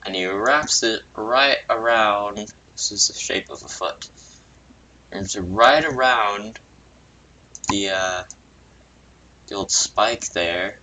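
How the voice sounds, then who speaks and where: Slow, low, rambling man narrating a drawing. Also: bright, forceful tone. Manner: rambling, self-amused, muttering asides. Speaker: video creator. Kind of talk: casual narration while drawing.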